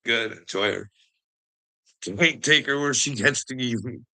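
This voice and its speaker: A man's voice: mid-range voice, slow pace, sharp tone. A man ranting to his live chat in a sarcastic, mocking way, swearing heavily and often breaking into laughter. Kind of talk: profane livestream rant to chat.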